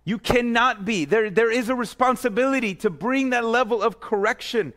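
High-voiced pastor preaching conversationally. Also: male voice, moderate pace. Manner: conversational preaching, addressing parents and kids directly; repeats and restarts phrases, drops into a low quiet voice for emphasis. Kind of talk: sermon.

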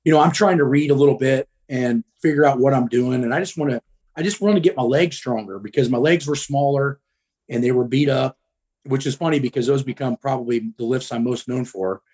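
A man's voice: medium pitch, fairly quick, a little mellow, slightly rough. Blunt, profane middle-aged man. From Midwest US. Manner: blunt, profane, frequent ums. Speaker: guest. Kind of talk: casual storytelling.

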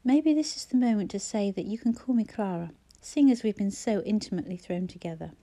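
A woman voicing an ailing woman with a hoarse voice and dry, teasing wit, read from a storybook. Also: medium pitch, fairly quick, dark tone, close to an everyday voice. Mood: wry. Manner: wry, teasing.

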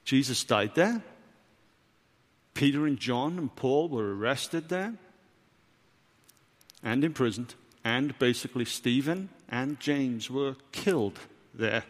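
A man's voice: mid-range voice, lively intonation, slow pace, long pauses. A man with a Welsh accent, preaching a sermon as pastor, emphatic and full of rhetorical questions. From Wales. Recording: reverberant hall.

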